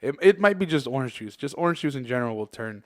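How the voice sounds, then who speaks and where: A man's voice: medium pitch, animated, fast. Young guy on a podcast, rambling drunk-night story, swears a lot, laughs through it, plain mid voice. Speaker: podcast co-host. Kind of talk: casual storytelling chat.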